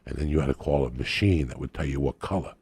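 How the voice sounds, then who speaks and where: Gravelly deep-voiced man telling crude stories. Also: fast, a little mellow, no echo. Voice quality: gravelly raspy. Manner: profane, rambling, raucous. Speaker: podcast guest. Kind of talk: crude comic storytelling.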